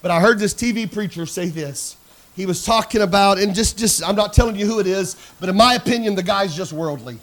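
High-voiced male pastor preaching. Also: fairly quick. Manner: builds from quiet storytelling to shouted preaching; calls out to the congregation. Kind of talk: sermon with storytelling. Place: church sanctuary.

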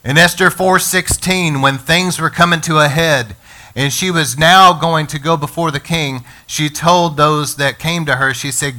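A male pastor delivers an energetic sermon in a bright, forceful voice pitched a little high. He preaches directly to the congregation and calls on them to answer back. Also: measured pace.

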